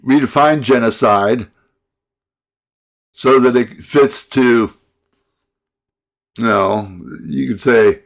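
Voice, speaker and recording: A middle-aged male vlogger with a medium-pitched voice delivers a rambling monologue rant. He halts and repeats his words, breaking into sighs and angry outbursts.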